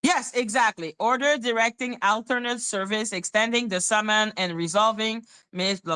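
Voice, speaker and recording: A woman's voice: medium pitch, moderate pace, pushed and bright, clear, resonant tone. A woman hosting a casual livestream, reading court documents aloud and bantering with her chat. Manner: chatty, muttering while reading, bantering with chat. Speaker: livestream host.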